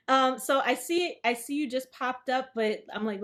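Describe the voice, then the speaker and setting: A woman with a slightly higher-than-average voice hosts a study session. She reads book passages aloud and moves easily into relaxed, chatty commentary, answering her viewers as she goes. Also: a little slow, long pauses. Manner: casual and chatty, with frequent fillers and asides. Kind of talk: reading aloud and commenting, answering chat live.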